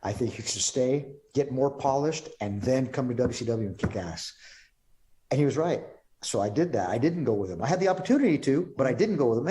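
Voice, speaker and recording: Man, podcast guest, casual storytelling, dark relaxed tone. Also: mid-range voice. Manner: relaxed storyteller, swears, quotes others. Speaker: podcast guest, pro wrestler.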